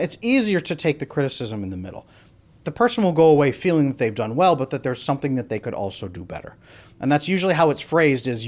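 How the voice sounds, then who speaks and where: A man speaking as an attachment coach, teaching how to give feedback and acting out sample dialogues as he goes. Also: medium pitch. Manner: animated, acts out sample dialogues. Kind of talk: instructional talk to camera.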